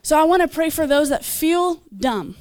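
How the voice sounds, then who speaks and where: A woman's voice: sits high, lively intonation, normal speed, darkish tone. A woman preaching and leading prayer at a church gathering, earnest and encouraging, with small asides and laughs. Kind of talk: sermon and altar call.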